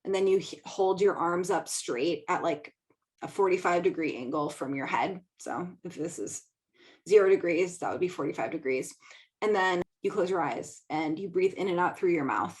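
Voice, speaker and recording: A woman's voice: lowish voice, normal speed, a little mellow. A young adult woman hosting her own podcast, chatting casually and laughing often, with lots of "like". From American Midwest. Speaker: podcast host and business coach. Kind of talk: casual solo talk.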